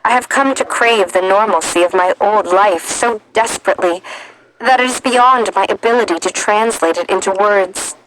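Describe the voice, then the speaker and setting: A woman narrating an audiobook in the first person, measured and reflective. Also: medium pitch, fairly bright tone, low-quality recording.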